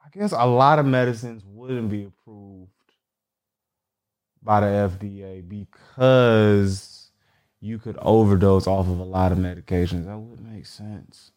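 Slow-talking joking man. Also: fairly low pitch, fairly even intonation, darkish tone. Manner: profane, joking, reads search results aloud haltingly. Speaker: vlogger. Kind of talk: casual solo commentary.

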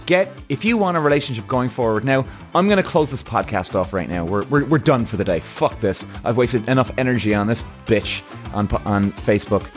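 A man's voice: medium pitch, animated, fairly quick, few pauses, faint music behind. A man hosting his own podcast, ranting bluntly and heatedly, swearing often and correcting himself as he goes. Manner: restless, self-correcting. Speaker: podcast host. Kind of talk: solo podcast rant.

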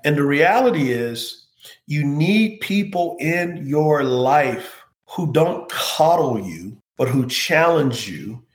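A man's voice: a little high, animated, slow. Earnest man telling a heartfelt story. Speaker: interview guest, former pro football player. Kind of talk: personal storytelling in conversation. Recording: roomy echo.

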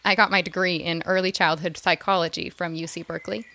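A woman's voice: fairly low pitch, fairly even intonation, fast, pushed and bright. An actress playing a chatty young mother in an audio drama who talks with nervous little laughs. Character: eager young mother, psychology graduate.

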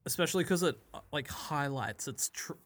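A man chatting casually about a film, wry and quick to laugh. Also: on the high side, lively intonation, fairly bright tone. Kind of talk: casual film review chat.

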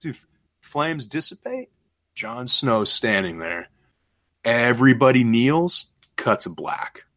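A man hosting a podcast, chatting casually and profanely, acting out scenes with lively delivery. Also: mid-range voice, slow pace. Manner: animated, profane, acts out scenes. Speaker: podcast host. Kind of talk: casual chat.

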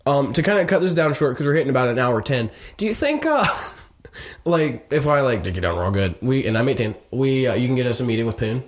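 A man's voice: medium pitch, expressive, brisk. A young man improvising crude comedy banter in a loose, giggly slacker way.

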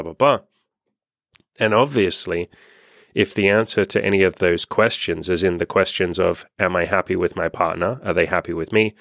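A man's voice: low-pitched, gravelly, a bit bright, dry recording, studio quality. A young adult man, a life coach, talking frankly and candidly in a casual monologue, often swearing.

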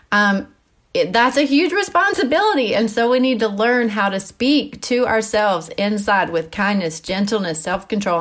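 A woman, a mother of school-age kids, hosting a casual Christian teaching podcast, talking in a chatty, animated way with frequent asides and fillers. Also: medium pitch. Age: mother of middle schoolers. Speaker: podcast host.

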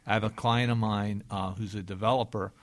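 A man in his fifties with a lowish voice hosts a financial advice talk show. He chats easily and often drifts into long anecdotes from his clients and his family. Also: fairly even intonation, brisk. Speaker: financial advisor and show co-host. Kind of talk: casual radio-show talk.

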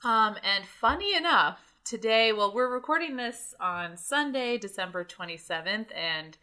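A woman hosts a podcast with easy, teasing chatter and frequent giggles. Her voice is bright and clear, and her pitch swings widely as she talks. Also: lively intonation, a little slow. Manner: giggly, teasing, laughs often. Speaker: podcast host. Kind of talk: casual chat.

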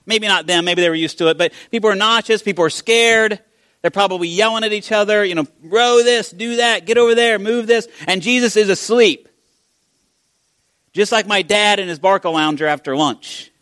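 A man giving a conversational sermon, telling the story in a casual, animated way with frequent restarts. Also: high voice, a little fast, dry recording. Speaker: pastor.

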